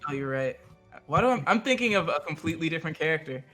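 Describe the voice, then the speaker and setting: A man's voice: a little high, lively intonation, fast, pushed and bright, faint music behind. A man playing a tabletop game in easygoing chat, often hesitating and trailing off. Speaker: player.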